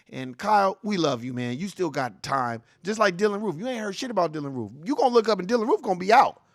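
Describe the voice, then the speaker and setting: A man's voice: sits high, lively intonation, quick pace, hardly any pauses, dry recording, clean studio sound. A man in his forties hosting a ranting reaction commentary, profane, heated and mocking. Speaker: host.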